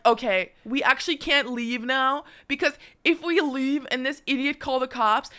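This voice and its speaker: High bright-voiced woman telling a story. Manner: animated, profane, laughs often. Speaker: streamer. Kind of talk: casual storytelling chat.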